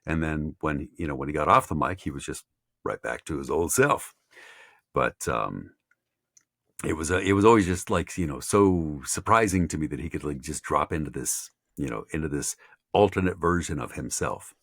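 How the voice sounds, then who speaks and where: A man's voice: extremely low pitch, expressive, normal speed, gravelly, a bit bright, dry recording, clean studio sound. A man mentoring voice actors in a casual, rambling chat. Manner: rambling, lots of fillers and restarts.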